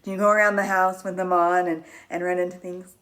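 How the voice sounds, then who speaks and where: A woman teaching young children, reading a picture book aloud in an animated, expressive way, gasping and asking them questions. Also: lowish voice. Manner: animated and expressive, with frequent gasps and drawn-out words.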